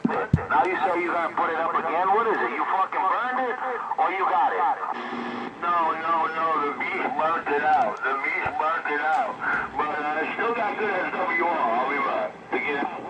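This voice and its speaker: A man with a fairly high voice doubts another operator's claims and keeps asking questions. His words come through a CB radio buried in loud static. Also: normal speed, highs cut off. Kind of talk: CB radio chatter. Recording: noisy CB radio transmission.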